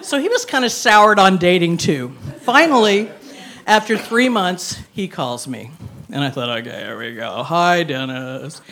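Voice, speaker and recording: A woman's voice: on the low side, lively intonation, a little slow, fairly bright tone, slight background noise. A woman in her sixties tells a personal story on stage before an audience, wry and self-mocking, laughing through her lines.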